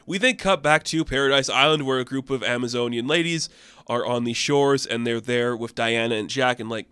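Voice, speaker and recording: A man's voice: medium pitch, a little fast, bright, forceful tone, clear, resonant tone, dry recording. A man giving a casual, enthusiastic and rambling comic book recap, full of fillers.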